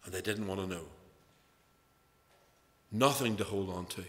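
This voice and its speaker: A man's voice: low-pitched, unhurried, a bit bright. A man with a Northern Irish accent preaching an evening sermon in church, earnest and storytelling, his emphasis rising and falling. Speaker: lay preacher. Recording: echoey church hall.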